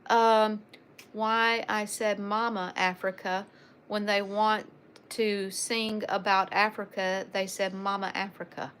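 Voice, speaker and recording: A middle-aged woman with a Southern drawl chats through a casual livestream, calling out viewers by name and filling pauses with ums and uhs. Her pitch sits in an ordinary middle range. A faint hum of noise runs underneath. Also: level tone, a bit bright. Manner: chatty, greets viewers by name, many fillers. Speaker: livestream host.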